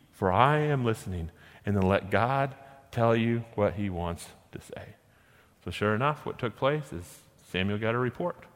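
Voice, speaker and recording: Man, pastor preaching, mid-pitched voice, rhetorical questions, long hall echo. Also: a bit bright. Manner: preaching with rhetorical questions, slowing down to stress verses. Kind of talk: sermon.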